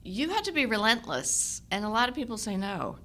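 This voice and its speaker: A woman in her sixties, an actress telling stories from her career in a relaxed chat, laughing often. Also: on the high side, fairly quick. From United States. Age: 60s. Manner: animated storyteller, laughs often. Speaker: actress guest. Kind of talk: casual conversation.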